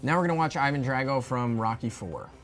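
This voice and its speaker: A man, giving earnest, measured reviews of film characters in a casual reaction video. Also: mid-range voice, lively intonation. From Russia. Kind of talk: casual commentary.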